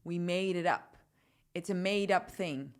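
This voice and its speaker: A woman's voice: on the low side, measured pace, smooth. A young woman co-hosting a podcast, chatting casually with lots of fillers and laughter. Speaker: podcast co-host. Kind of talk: casual chat.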